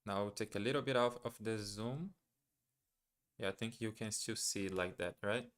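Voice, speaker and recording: A man's voice: on the low side, normal speed, fairly bright tone. A man on a casual live stream, thinking aloud as he works through a language app. He hesitates, questions himself and repeats practice words. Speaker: live streamer learning German.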